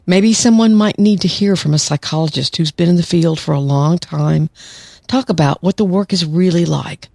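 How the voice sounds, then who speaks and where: A woman's voice: lowish voice, normal speed, creaky, warm tone, no room sound, studio quality. A woman in her sixties, a psychologist who hosts a podcast, speaking in a chatty monologue with light laughs. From United States. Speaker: podcast host, clinical psychologist.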